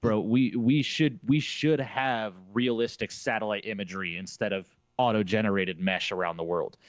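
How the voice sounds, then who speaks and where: A man's voice: lowish voice, steady tone, moderate pace, dry recording. A man on a streamer panel discussion, talking emphatically and opinionatedly, repeating phrases to drive his point home. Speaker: flight sim streamer on a panel.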